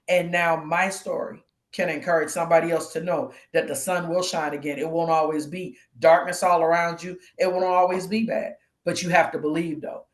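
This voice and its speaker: A woman guest co-host giving a personal testimony on a live show, animated and acting out the voices of the people in her story. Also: on the low side.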